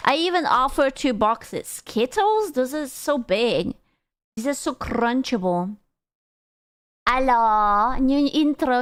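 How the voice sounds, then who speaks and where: A woman's voice: high voice, a bit bright. A young woman streaming, chatting casually and playfully, teasing and swearing often. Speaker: VTuber streamer. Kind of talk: casual livestream chat.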